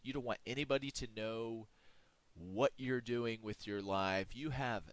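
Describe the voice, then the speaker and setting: A man giving a comedic, mock-preachy monologue, drawing out words with dramatic pauses. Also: medium pitch, dry recording. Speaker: video creator ranking game classes.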